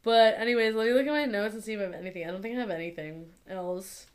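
A woman's voice: medium pitch, very fast. A young woman co-hosting a podcast, chatting casually and laughing easily. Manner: giggly, animated when quoting herself. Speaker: podcast co-host. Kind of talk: casual chat.

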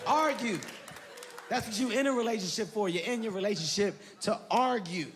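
A man performing a stand-up comedy routine, loud and animated, swearing often and shouting his punchlines. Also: high voice, fast. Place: large venue with a live audience. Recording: live show with crowd laughter and noise.

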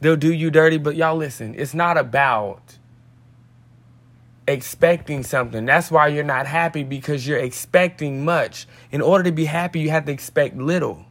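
A man's voice: a little high, normal speed, fairly bright tone. A man hosting a podcast, reading a daily devotional in a casual, slangy way with tangents. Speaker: podcast host.

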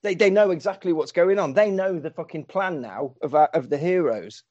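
A man retelling a story in a casual comic way, excitable, laughing and swearing freely. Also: a little high, moderate pace, muffled recording.

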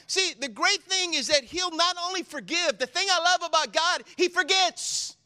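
An extremely high-pitched male pastor preaches a little fast, with few pauses. He uses call-and-response asides to involve the congregation, swinging between quiet, solemn reading and loud, excited preaching.

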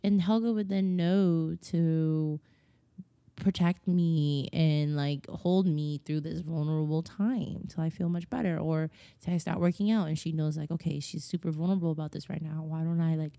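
A woman's voice: low-pitched, fairly even intonation, moderate pace, creaky, dark tone, no room sound. Giggly young woman chatting, close and dry. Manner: laughs often, acts out quoted voices, swears casually. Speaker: podcast co-host. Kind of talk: casual chat.

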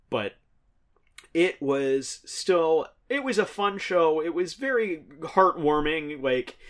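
A man's voice: mid-range voice, fairly bright tone. A man in his thirties hosting a podcast in a casual, rambling style, often chuckling as he talks. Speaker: podcast host. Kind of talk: casual chat.

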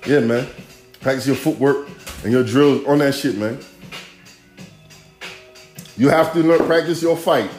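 Faint music plays in an echoey room as this man, his voice a little high and a little mellow, hosts a podcast and rants in a casual, rambling, rhythmic street style full of profanity.

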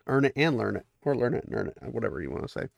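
A man's voice: mid-range voice, sing-song, racing, gravelly, no room sound, studio quality. A man casually recapping a fantasy novel, chatty and amused, lightly voicing the characters as he goes. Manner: chatty, laughs at the story, voices characters lightly. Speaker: book recap host.

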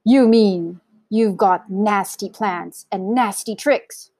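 A woman doing a loud, scolding elephant. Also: medium pitch, slow pace, no echo, clean studio sound. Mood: indignant scolding. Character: indignant male elephant.

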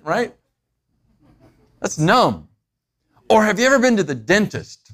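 A man's voice: normal speed, pauses often. A man preaching a sermon in a conversational way, asking his listeners questions and acting out everyday moments. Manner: acts out everyday moments with animated pitch jumps. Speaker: pastor.

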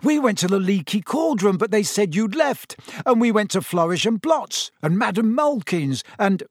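A man raising his pitch to play a freckly, cheeky teenage wizard who talks in eager bursts and teases his friends. The voice is high and lively, recorded dry and close. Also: moderate pace, no echo. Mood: excited. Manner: excited, teasing. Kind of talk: audiobook character voice.

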